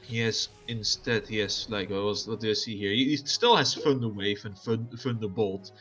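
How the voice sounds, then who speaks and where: A man's voice: fairly low pitch, normal speed, a bit bright, soft background music. Casual, chatty male co-streamer. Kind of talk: live gaming stream chat.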